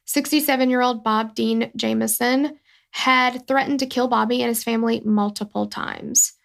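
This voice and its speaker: A woman's voice: a little high, steady tone, normal speed, creaky, a bit bright. A woman co-hosting a true-crime podcast, chatting casually and rambling with lots of fillers. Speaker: podcast co-host.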